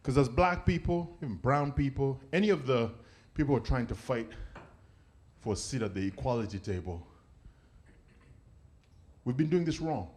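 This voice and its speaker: A man from Africa performing stand-up comedy, animated and acting out the people he describes. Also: mid-range voice, moderate pace, pauses often.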